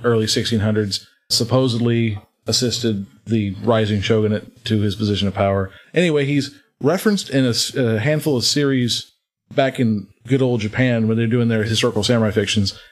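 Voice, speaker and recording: A man co-hosting a casual podcast, explaining background facts in a matter-of-fact way. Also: mid-range voice. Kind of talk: casual group chat.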